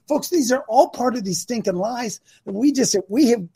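Husky-voiced man in his sixties hosting. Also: extremely high pitch, lively intonation, normal speed, dark tone. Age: 60s. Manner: folksy, preachy, acts out quoted voices. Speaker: radio show host. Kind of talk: call-in talk show.

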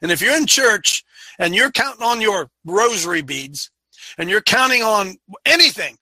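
A man with a high, very bright and piercing voice hosts a talk show, holding forth like a preacher. He talks fervently and with heavy emphasis, breaking into yelling now and then. The sound is close and dry. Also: animated, moderate pace, dry recording.

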